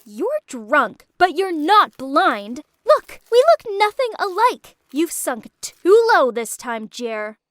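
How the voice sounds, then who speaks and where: A woman voicing an excitable young woman with a temper who speaks shrilly and emphatically. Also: sits high, takes it slowly, few pauses, dry recording, studio quality, heavily acted. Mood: furious.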